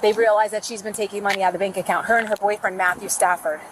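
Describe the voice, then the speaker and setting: An indignant woman vents to an officer, swearing freely and getting emotional. The audio comes from a noisy body camera, with clear background noise. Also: mid-range voice, fairly even intonation, very fast. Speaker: property manager reporting a theft. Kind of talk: emotional complaint to police.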